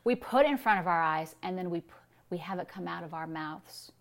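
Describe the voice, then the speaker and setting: A woman's voice: lowish voice, fairly quick. A woman pastor giving a sermon, preaching emphatically with repetition and rhetorical questions.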